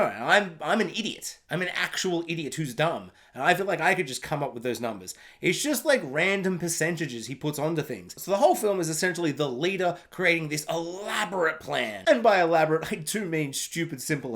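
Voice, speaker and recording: Guy with a kinda high voice doing a sarcastic rambly movie rant, swears a lot. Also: fairly bright tone. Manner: sarcastic, mocking, swears freely. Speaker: film reviewer. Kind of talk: rambling film review rant.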